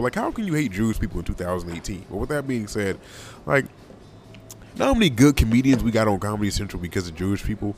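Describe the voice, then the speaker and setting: A young man hosts his own podcast alone, talking in a loose and wandering way. His voice sits a bit low, and he leans on slang and repeats phrases as he goes. Faint ambience hums behind the recording. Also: lively intonation, fairly quick, slight background noise. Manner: rambling, loose, slangy, often laughs and repeats himself. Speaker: podcast host. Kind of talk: casual solo podcast monologue.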